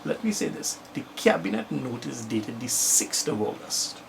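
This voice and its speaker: A man's voice: mid-range voice, very animated, moderate pace, creaky, background noise. A Trinidadian man giving a self-recorded political rant, emphatic and repeating his points for stress. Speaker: political commentator.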